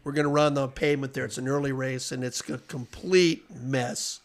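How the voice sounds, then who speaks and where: A man on a podcast as guest, telling casual anecdotes with animated delivery and frequent chuckles. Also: medium pitch, normal speed. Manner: animated storyteller, chuckles often.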